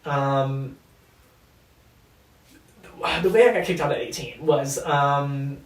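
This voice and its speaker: A man's voice: mid-range voice, slow. Young man telling a candid story, echoey. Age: young adult. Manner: candid, animated, swears freely. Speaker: guest. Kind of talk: casual storytelling interview. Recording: echoey room, distant mic.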